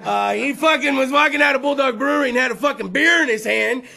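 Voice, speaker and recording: Loud, crude, bright-voiced male host. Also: very high voice, fast, vocal fry. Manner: loud, rambling, crude, riffs with the audience. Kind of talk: profane comedic live show hosting. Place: bar or venue with a live audience.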